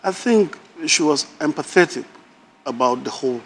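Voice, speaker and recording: A man's voice: a little high, animated, moderate pace, a bit bright, big-room sound, slight background noise. A man guest on a talk show, talking thoughtfully with hesitations and restarts. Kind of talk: casual talk-show conversation.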